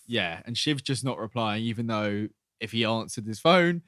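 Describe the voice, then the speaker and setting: A man's voice: lowish voice, animated, moderate pace, a bit bright, no echo, studio quality. A man co-hosting a podcast, recapping a TV episode in rambling casual chat and acting out the characters' lines. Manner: rambling, acts out quotes with laughs. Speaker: podcast co-host.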